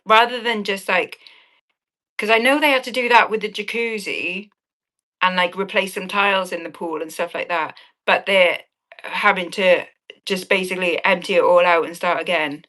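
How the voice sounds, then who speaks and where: A woman's voice: lowish voice, bright, forceful tone. A woman selling earrings on a live stream, chatting cheekily with viewers and swearing with a laugh. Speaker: online auction seller.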